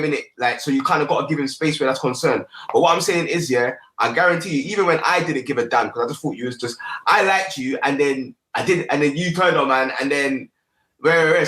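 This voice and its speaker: A man's voice: fairly high pitch, pushed and bright, reverberant, low-quality recording. A man hosting an online panel, persuading a guest in streetwise slang and repeating his points. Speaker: host.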